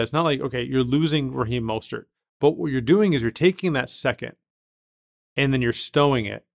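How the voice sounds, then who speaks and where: A man's voice: mid-range voice, creaky, no room sound, clean studio sound. A man hosting a podcast, casual chat, talking emphatically and thinking aloud with restarts. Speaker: podcast host.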